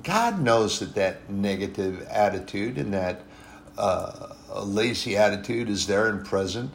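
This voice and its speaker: A man with a gravelly, fry-edged voice delivers a sermon in a loose, conversational manner. He circles back on his points, repeating phrases for emphasis, and stops now and then to correct himself. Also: on the low side, lively intonation, a little slow, slight background noise. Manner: conversational, repetitive and emphatic, with frequent restarts and apologies. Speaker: preacher.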